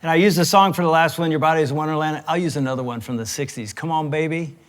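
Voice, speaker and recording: Middle-aged male pastor-host; animated storyteller who acts out quotes, sits slightly high. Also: very fast. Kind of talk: casual storytelling chat.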